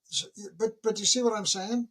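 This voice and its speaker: A man of about sixty, a retired military leader, talking as a podcast guest in a lively, storytelling way, often acting out what people say. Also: brisk. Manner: animated storyteller who acts out dialogue with big pitch jumps. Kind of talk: casual interview conversation.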